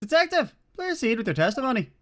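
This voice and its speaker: A raised, fussy old judge's voice that scolds and warns with lively pitch, as a gamer puts him on. Read aloud from a courtroom video game. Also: fast talker, slight background noise, close to an everyday voice. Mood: stern. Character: fussy elderly male judge, easily flustered.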